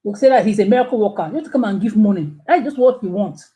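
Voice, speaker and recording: A woman hosting a live stream, giving casual commentary in an animated way, full of rhetorical questions and exclamations. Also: mid-range voice, quick pace, poor audio. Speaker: channel host.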